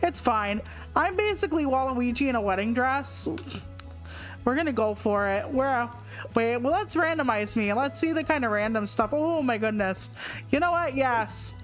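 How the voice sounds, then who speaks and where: High-pitched lady in her 40s playing a cozy game, jokey and chatty. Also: expressive, normal speed, faint music behind. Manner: goofy, self-mocking, chatty. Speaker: gaming channel host. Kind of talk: casual let's play commentary.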